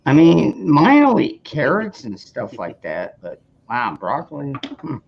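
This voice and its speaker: A man's voice: medium pitch, wildly swooping pitch, measured pace, gravelly, muffled recording, slight background noise. A man hosting a casual livestream chat, laid-back and profane, laughing often while he works on a craft project. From United States. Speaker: host.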